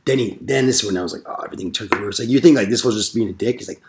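A man's voice: medium pitch, racing, background noise. A young man casually telling door-knocking stories, full of slang and swearing, acting out the people he quotes. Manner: rambling storytelling with slang and swearing, acts out quotes. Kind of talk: casual podcast chat.

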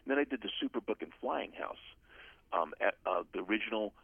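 Older man, gravelly, husky, earnest testimony, tinny phone-line sound. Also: fairly low pitch, animated, fairly quick, dry recording. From USA. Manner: earnest storyteller, acts out quoted voices. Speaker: guest author. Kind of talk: personal testimony in an interview.

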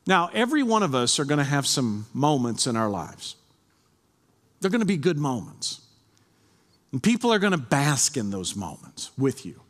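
Animated preaching man in a reverberant hall. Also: medium pitch, normal speed. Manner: earnest preaching, reads scripture aloud. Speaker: pastor. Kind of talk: sermon.

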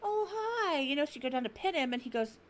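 A middle-aged woman co-hosting a stream, telling blunt, animated stories in casual chat. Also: high-pitched, very fast, a little hiss or hum. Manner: blunt, animated storyteller acting out her cat. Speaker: stream co-host.

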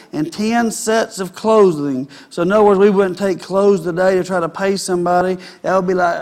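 Male pastor, high voice, sermon read-and-retell, casual asides, builds to emphasis. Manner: reads scripture then retells it in casual modern words.

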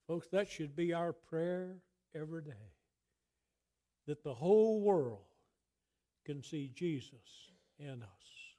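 Slow, high-voiced preacher man. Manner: swells loud then drops to near whisper, drawn-out phrasing. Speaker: pastor. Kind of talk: sermon.

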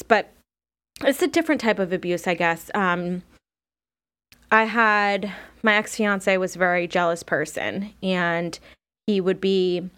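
A young woman hosting a podcast, talking candidly in a rambling personal monologue full of fillers and restarts. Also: mid-range voice. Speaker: podcast host.

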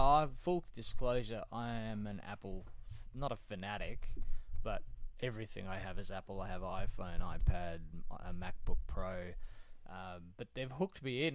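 A man's voice: lowish voice, dry recording. A man co-hosting a casual podcast chat, telling jokey stories about prank calls and chuckling often.

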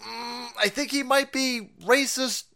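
A man's voice: extremely high pitch, fairly even intonation, slow pace, creaky, pushed and bright. A man hosting a livestream with crude, joking commentary, laughing often between remarks. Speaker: stream host.

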